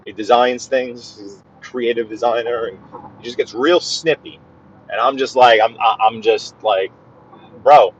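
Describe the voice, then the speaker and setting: A man with a medium-pitched voice talks at normal speed to his live-stream viewers while driving on the highway. The sound is lo-fi with a little hiss or hum, and he chats casually, stumbling and repeating words.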